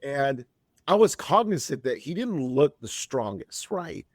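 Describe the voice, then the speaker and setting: A man in his fifties speaking as a podcast guest at an everyday middle pitch, chatty and rambling as he tells a story, doubling back on his words. The sound is close and dry, with no room around it. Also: very animated, measured pace, no echo. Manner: chatty, rambling, frequent restarts. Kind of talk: casual storytelling.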